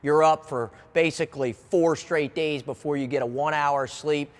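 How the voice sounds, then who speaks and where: A man's voice: on the high side, steady tone, normal speed. A man telling a personal story as a motivational speaker, earnest and vivid, often restarting his phrases. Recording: long hall reverb.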